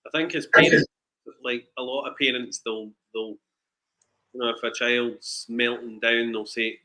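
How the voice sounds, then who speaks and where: A man's voice: mid-range voice, fairly even intonation, unhurried, bright, forceful tone. A man hosting a podcast, talking casually and chattily, often stumbling and restarting his sentences. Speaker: podcast host.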